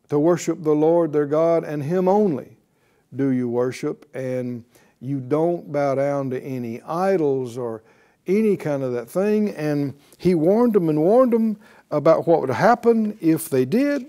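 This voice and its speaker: A man's voice: on the high side, mellow. A middle-aged man preaching a sermon, teaching with emphatic points and rhetorical questions. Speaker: pastor.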